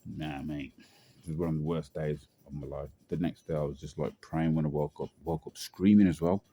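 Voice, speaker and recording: Young man, deep and very dark, rambling slangy storyteller. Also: lively intonation, brisk. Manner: rambling, slangy, many fillers. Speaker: vlogger. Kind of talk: casual personal storytelling.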